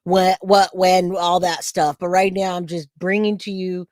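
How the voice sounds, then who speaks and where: A woman's voice: lowish voice, little pitch movement, measured pace, darkish tone, no room sound. A woman from California hosting a casual live stream, chatting to her viewers by name and commenting on a case. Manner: chatty, talks to chat by name. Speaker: true crime streamer host.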